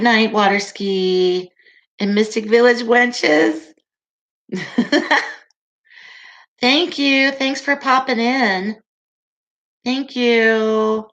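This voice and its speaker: Her voice is a little high and a bit bright: a woman in her forties hosting a casual livestream. She laughs frequently while chatting and reading viewer comments out loud.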